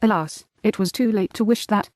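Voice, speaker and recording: A woman reading an audiobook, measured clear storytelling narration. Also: medium pitch, darkish tone, no echo. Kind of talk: scripted narration.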